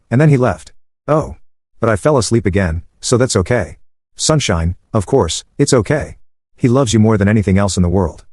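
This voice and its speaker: A man reading storytime narration in a steady, even manner. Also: fairly low pitch, no echo, clean studio sound.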